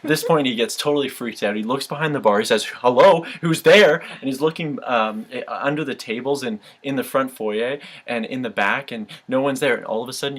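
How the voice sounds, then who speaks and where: A man's voice: mid-range voice, a bit bright. A man in a casual video message, chatty and laughing as he tells a joke. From Canada. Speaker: course participant recording a message.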